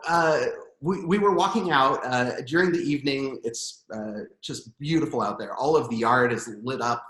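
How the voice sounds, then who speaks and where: A man in his thirties, a guest musician, telling stories in a casual interview, animated and chuckling, with many fillers. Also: medium pitch. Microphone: video call. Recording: roomy echo.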